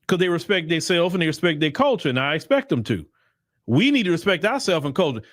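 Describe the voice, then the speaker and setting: A man's voice: a little high, sing-song, quick pace, fairly bright tone, dry recording, studio quality. A man giving blunt, emphatic opinion commentary in casual slang, often repeating himself for emphasis. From United States. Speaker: commentary channel host.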